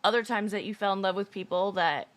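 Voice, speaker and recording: A woman's voice: mid-range voice, steady tone, fast. A woman in a casual chat, arguing and accusing the other speaker of lying. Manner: argumentative, accusing.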